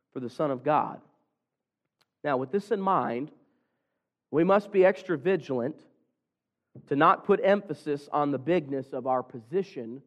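A man's voice: fairly high pitch, dull audio. A man preaching an earnest evening sermon to his church, with raised, pleading stretches. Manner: earnest, building to raised pleas.

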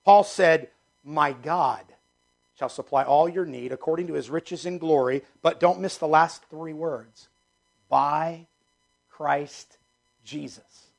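A middle-aged man preaching a sermon in a gravelly, slightly high voice. He hammers key phrases again and again and moves from ringing emphasis to quiet, low asides. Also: a little slow, faint music behind. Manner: emphatic, repeats key phrases, swings from loud to hushed. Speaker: pastor.

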